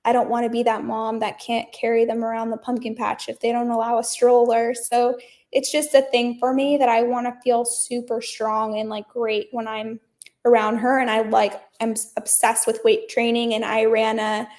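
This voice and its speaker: A woman's voice: on the high side, a little mellow. A young woman, a guest on a podcast, talking casually and packing her speech with "like" and "um". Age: young adult. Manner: chatty, leans heavily on "like" and "um". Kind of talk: casual interview chat.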